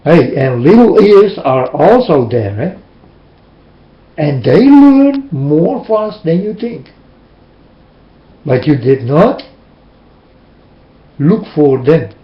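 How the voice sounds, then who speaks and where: A man's voice: on the high side, very animated, takes it slowly, pauses often. A man delivering a preachy, scolding monologue to his listeners, with emphatic, plain and slightly non-standard phrasing. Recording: roomy, dull lo-fi recording.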